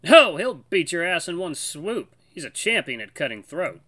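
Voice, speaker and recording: A man voicing a brash, teasing male husky with a put-on Southern US accent while reading a visual novel. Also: a little high, sing-song, moderate pace, pushed and bright, no room sound, voice pushed up, full character voice. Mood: swaggering.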